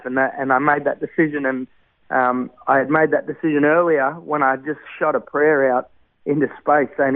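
A man's voice: medium pitch, little pitch movement, brisk, no echo. A man, telling his personal testimony in an earnest, heartfelt way with many fillers. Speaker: guest sharing testimony. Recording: tinny phone-like radio sound.

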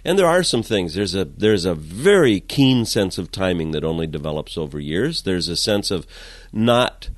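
A man, a guest in an interview, telling comic stories in an animated way, going from loud to hushed. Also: low voice, normal speed, few pauses, no echo. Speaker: guest, comedic storyteller. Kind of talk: casual interview chat.

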